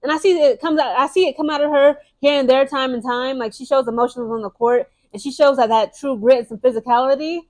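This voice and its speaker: A woman's voice: sits high, steady tone, a little mellow. A young adult woman giving casual, opinionated basketball commentary, emphatic and chatty, often checking in with "okay?" and "guys". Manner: emphatic, keeps tagging lines with "okay?" and "guys"; fast and chatty, restarts and repeats words. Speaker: sports commentary vlogger.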